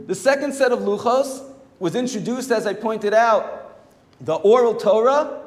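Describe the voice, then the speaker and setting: A man, a rabbi, teaching a Torah class in a lively, animated way and acting out the quoted voices. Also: very high voice. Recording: echoey hall with long reverb.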